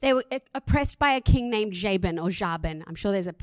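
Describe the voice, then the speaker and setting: An Australian woman pastor preaching a sermon in a lively, conversational way, laughing at herself now and then. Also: fairly high pitch, quick pace, no echo.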